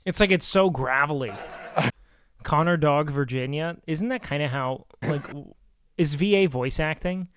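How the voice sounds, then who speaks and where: Excitable, swearing young man streamer. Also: on the high side, measured pace, clear, resonant tone. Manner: profane, excitable, rambling. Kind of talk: casual live-stream reaction.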